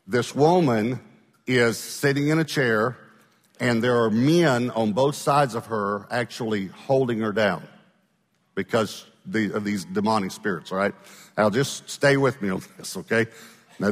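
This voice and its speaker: A man's voice: mid-range voice, big-room sound. A male pastor telling a story in a sermon, talking conversationally and often checking in with his listeners.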